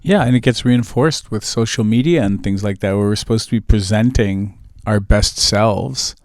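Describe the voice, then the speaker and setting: Low-voiced man from New England. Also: moderate pace, dry recording, studio quality. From New England, United States. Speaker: panelist. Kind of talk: podium discussion.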